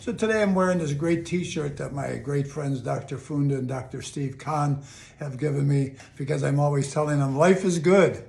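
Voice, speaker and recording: A man's voice: on the high side, normal speed, creaky, a little mellow. An older man giving a casual, earnest, upbeat motivational talk to camera, often repeating his phrases. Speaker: motivational video host. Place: home in Chicago.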